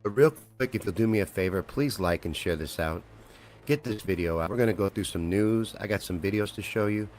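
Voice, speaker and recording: A man's voice: sits low, fairly quick, a little hiss or hum. A man hosting a live comedy stream, rambling and swearing freely while he riffs on memes and news and asks viewers questions.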